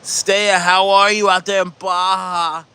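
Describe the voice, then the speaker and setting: A man's voice: sits high, little pitch movement, unhurried, bright, forceful tone, clear, resonant tone, pitched above the performer's own voice. A man putting on a fussing old mother. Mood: fretting. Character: fretful older mother, chatty, worrying.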